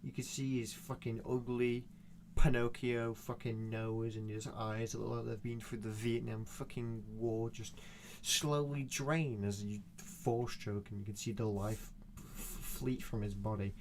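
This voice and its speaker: A man's voice: fairly low pitch, measured pace, a little hiss or hum. A young man rambling through a profane, meandering solo monologue recorded at home. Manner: profane, meandering, animated rants.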